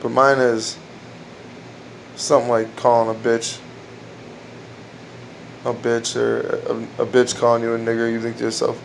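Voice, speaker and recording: A man riffs through crude jokes in a dark room at home, rambling and restarting his lines as he goes. His voice sits at an ordinary middle pitch. A faint air-conditioning hum runs behind him. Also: little pitch movement, unhurried, creaky, long pauses. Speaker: amateur comedian trying out jokes. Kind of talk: casual joke-telling at home.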